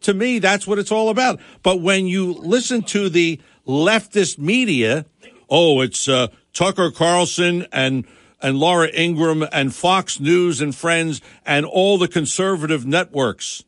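A man's voice: a little high, a bit bright, dry recording, studio quality. A middle-aged man hosting a political talk radio show, with an emphatic, indignant manner and frequent restarts.

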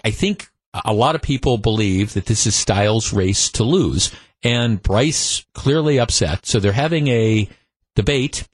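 A man's voice: medium pitch, no echo. A man hosting a political talk radio show, opinionated and emphatic, often repeating himself as he builds his case. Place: radio studio.

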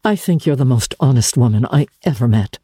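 An audiobook reader voicing a young man pleading urgently with the woman he loves, in a mellow, husky tone. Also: medium pitch, expressive, brisk, no echo, studio quality. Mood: earnest. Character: young man, torn and ardent in love. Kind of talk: audiobook character reading.

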